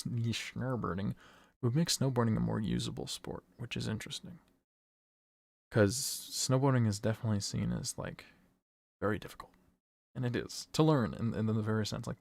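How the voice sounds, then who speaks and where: A man's voice: fairly low pitch, creaky, a little mellow, dry recording. A man streaming casually while he works, thinking aloud in a rambling way that corrects itself, swearing and laughing often.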